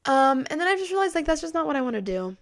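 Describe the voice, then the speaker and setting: A woman's voice: sits high, very animated, rapid-fire. A teenage girl hosting her own podcast, rambling in a casual way with lots of "like" and "um". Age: teens. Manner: rambling, heavy use of "like" and "um". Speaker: podcast host. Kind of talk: casual solo podcast chat.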